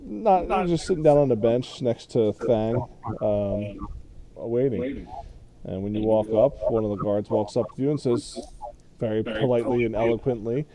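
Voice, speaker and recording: A man's voice: mid-range voice, moderate pace, a crowd in the background, poor audio. A man narrating a tabletop game as game master in a loose, chatty way. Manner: loose, laughing, full of fillers.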